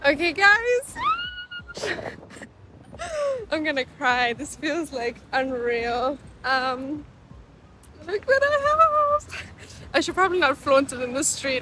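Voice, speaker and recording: A young woman talks into a handheld phone on a hot street and in a restaurant. She sounds chatty and emotional, with lots of fillers, and her voice sits high. Clear background noise runs under everything. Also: normal speed, hardly any pauses, a bit bright, poor audio. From South Africa. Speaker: vlogger. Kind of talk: casual vlog chat to camera. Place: outdoors on a hot city street, then a restaurant.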